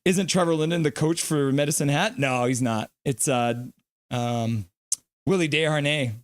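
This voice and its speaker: High-voiced excitable male stream host. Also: normal speed, dry recording. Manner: excitable, reads viewer comments aloud. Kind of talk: fan play-by-play and chat reading on a live stream.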